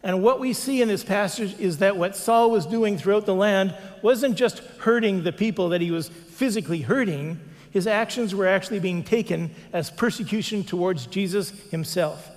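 A male pastor delivers a sermon, telling it as an animated story and voicing the people in it. His voice is high for a man. A long reverb trails each phrase, as in a large hall. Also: moderate pace. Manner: animated storytelling, acts out quotes.

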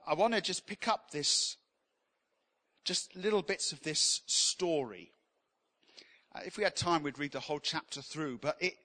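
Bright-voiced man teaching from scripture. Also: on the high side. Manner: conversational, enthusiastic, frequent restarts. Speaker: Bible teacher. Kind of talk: informal teaching sermon. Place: church teaching session.

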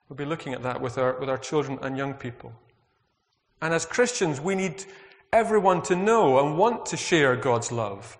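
A man preaching a sermon, earnest and reflective, asking the congregation questions. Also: fairly high pitch. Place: church. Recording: long hall reverb.

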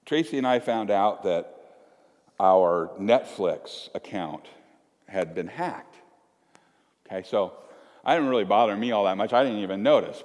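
A middle-aged man preaching a sermon, telling a family story and acting out the quotes in lively voices. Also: lowish voice. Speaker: pastor. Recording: long hall reverb.

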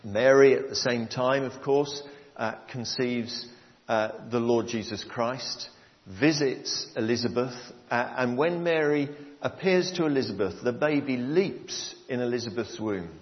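A man preaching a sermon, explaining a Bible passage to his congregation in a measured way. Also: mid-range voice. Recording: long hall reverb, dull lo-fi sound.

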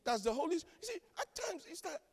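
A man preaching a sermon as pastor, animated and joking, acting out the voices of the people he quotes. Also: very high voice, quick pace, in a large hall. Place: church.

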